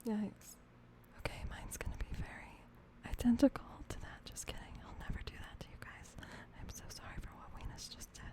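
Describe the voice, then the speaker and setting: A woman streaming as co-host, speaking in whispered role-play with playful swearing. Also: fairly quick.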